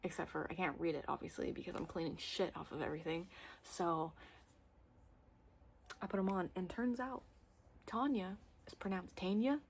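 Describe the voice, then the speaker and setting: A young woman chatting casually to camera about her reading, rambling with lots of fillers and excited bursts. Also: on the low side, normal speed, creaky, pauses often, slight background noise. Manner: expressive, swings into loud excited bursts. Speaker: book vlogger.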